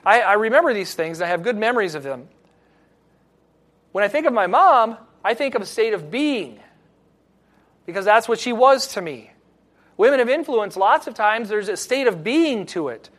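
A man's voice: high voice, sing-song, normal speed, long pauses, a bit bright. A middle-aged male pastor giving an earnest, reflective sermon with personal stories.

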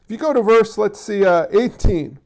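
A pastor preaches in a high voice, speaking straight to his congregation in a casual, conversational way. He often stumbles and restarts his words. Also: animated, normal speed, darkish tone. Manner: frequent stammered restarts. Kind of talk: sermon.

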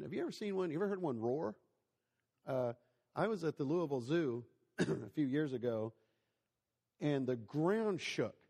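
A man's voice: a little high, vocal fry, warm tone. A man in his forties giving a conversational sermon, telling stories and asking the listeners questions. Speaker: preacher. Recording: long hall reverb.

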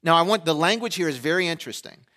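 A man's voice: fairly high pitch, expressive, fast talker, bright, forceful tone. A middle-aged man from Pennsylvania preaching a sermon in a conversational way, with sarcastic asides and quoted voices acted out. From Pennsylvania, USA. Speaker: pastor.

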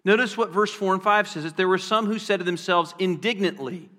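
High, bright-voiced preacher in reverberant hall. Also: male voice. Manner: earnest preaching, slows down and repeats for emphasis. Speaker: pastor. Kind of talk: sermon.

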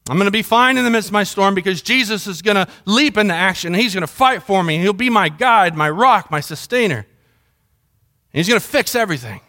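Man, middle-aged, pastor preaching a sermon, crisp forceful tone, conversational storyteller. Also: high-pitched, expressive, a little fast. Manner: conversational storytelling, mimics sounds.

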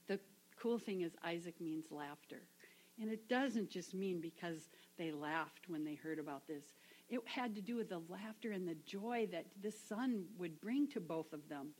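A woman teaching a Bible lesson, animated and acting out the quoted voices as she reads. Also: lowish voice, moderate pace, low-quality recording. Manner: animated, acts out quoted voices with laughs and whispers.

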